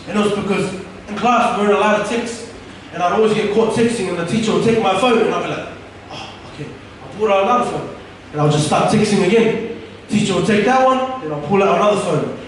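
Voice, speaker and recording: A young man tells his life story in an earnest, candid way, his voice pitched notably high. He sounds set back from the mic in a very echoey room, with a faint hiss of noise behind him. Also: quick pace, distant mic. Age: young adult. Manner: earnest and candid, with frequent restarts. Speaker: speaker giving a personal testimony. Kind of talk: personal testimony told to an audience.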